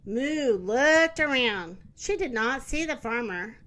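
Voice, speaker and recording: A woman telling a children's story aloud at an unhurried pace. Her high voice rises and falls with lively expression. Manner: slow, expressive.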